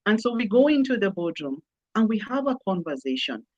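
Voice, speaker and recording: A woman's voice: medium pitch, sing-song, fairly quick, a little mellow, highs cut off. A woman guest in a conversational interview, speaking emphatically and repeating phrases for effect. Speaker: customer experience consultant, guest.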